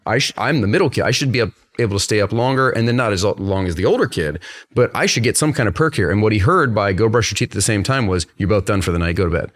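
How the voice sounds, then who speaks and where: A man's voice: lowish voice, animated, fast talker. A man hosting a podcast, telling a story about his son in a casual chat, acting out the quotes and laughing easily. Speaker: podcast host.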